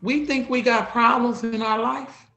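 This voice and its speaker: A woman's voice: a little high, fairly even intonation, a little slow, bright, forceful tone, muffled recording. A woman guest giving heartfelt personal stories about her community work, retelling conversations with repeated "I said, she said.". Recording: roomy echo.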